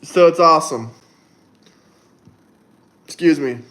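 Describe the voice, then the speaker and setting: A young man hosts a casual livestream, reading out viewer comments and answering them bluntly amid lots of swearing and rambling. His voice is high and fairly bright, with lively intonation at a moderate pace.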